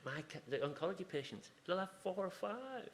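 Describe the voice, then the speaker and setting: This conference speaker has a high-sitting voice with big pitch swings and a fairly quick pace. His informal talk in a conference room wanders chattily, full of asides and restarted sentences.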